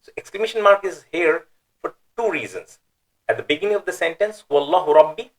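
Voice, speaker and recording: A man's voice: high voice, very animated, fairly quick, fairly bright tone, rough recording. Man patiently explaining, with emphatic intonation. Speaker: Quran teacher. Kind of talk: explanatory lecture.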